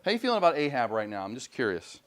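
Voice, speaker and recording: A man teaching a high school English class, chatty and full of questions to the students. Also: big pitch swings, rapid-fire, fairly bright tone. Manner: chatty, questioning, frequent "right?". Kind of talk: classroom lecture and discussion.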